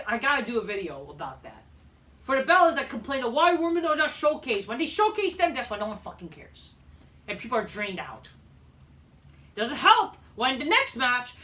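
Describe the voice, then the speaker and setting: A man's voice: very high-pitched, bright, forceful tone, distant mic. A man ranting through a profane, exasperated video review of a wrestling show.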